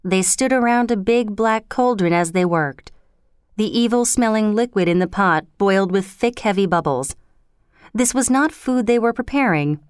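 A woman narrating a storybook in a measured, clear reading. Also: mid-range voice, expressive, no room sound, clean studio sound.

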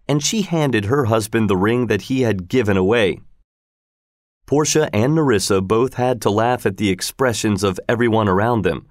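A man narrating a storybook in a measured, clear reading. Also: fairly low pitch, lively intonation, dry recording, studio quality.

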